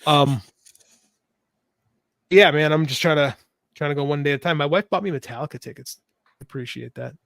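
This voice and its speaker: A man's voice: fairly high pitch, moderate pace, creaky, pauses often, a bit bright, no room sound. A middle-aged man, an author and podcast co-host, talking frankly and at length in a casual interview, swearing freely and often restarting his sentences.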